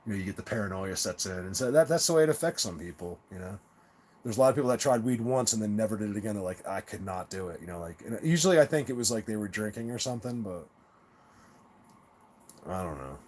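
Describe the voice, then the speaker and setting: A man's voice: lowish voice, lively intonation, fast, a little mellow, a little hiss or hum. A man hosting a live stream, chatting casually with viewers in a rambling, stop-start way, repeating words and laughing at his own stories. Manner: rambling, with many restarts and stammered repeats.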